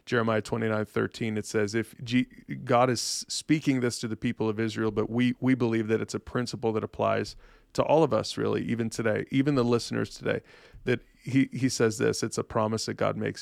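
A man's voice: fairly low pitch, level tone, brisk, creaky, dry recording, clean studio sound. A man hosting a faith podcast, speaking earnestly and directly to his listeners. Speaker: podcast host.

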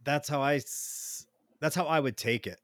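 A man's voice: fairly high pitch, normal speed, a bit bright, no room sound, clean studio sound. A man co-hosting a podcast in casual chat, rambling through examples and acting out friends' lines in funny voices. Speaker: podcast co-host.

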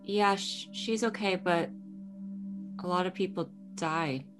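A woman's voice: on the low side, slow, music in the background. A woman playing in a tabletop game, talking casually with some hesitation. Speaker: player.

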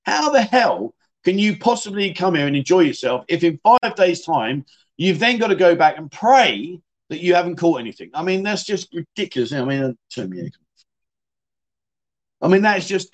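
Middle-aged man, casual livestream host, blunt and jokey, slightly raised pitch. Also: big pitch swings, normal speed. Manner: chatty, blunt, swears, jokey, says mate a lot. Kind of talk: casual chat reading viewer comments.

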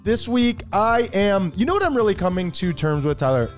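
A man with a fairly high, bouncy voice that swings widely as he talks. He jokes crudely and loosely, co-hosting a casual comedy chat. A faint bed of music sits underneath. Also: fairly quick. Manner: joking, crude, animated storytelling. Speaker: podcast co-host.

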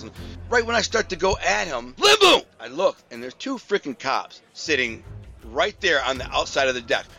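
A man's voice: mid-range voice, bright, forceful tone. A man casually telling a personal story in a rambling, slangy way, full of fillers and restarts.

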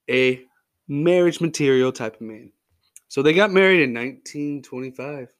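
With a smooth, mid-range voice, the host of a laid-back sports history podcast tells goofy, joking stories. He's chatty and loose, throwing in playful tall tales and plenty of filler words.

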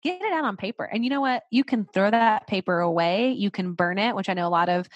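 A woman's voice: medium pitch, animated, fairly quick, no room sound, lo-fi sound. Earnest encouraging woman, dry sound. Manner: earnest, encouraging, repeats phrases for emphasis. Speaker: podcast guest. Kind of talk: casual conversation.

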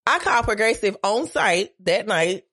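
A woman's voice: mid-range voice, lively intonation, normal speed, fairly bright tone, slight background noise. A woman telling a dramatic story as a podcast guest, profane, acting out quoted lines with big jumps in her voice. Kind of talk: animated storytelling.

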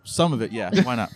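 A man's voice: on the high side, husky. A man co-hosting a comedy podcast, chatting casually with crude, playful banter. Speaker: podcast co-host.

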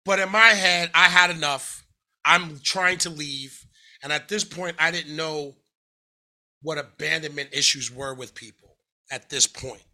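Bright-voiced man telling his story. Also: a little high, measured pace. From United States. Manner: conversational, frequent fillers and self-corrections, acts out quoted speech. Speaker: interview guest. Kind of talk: candid personal storytelling.

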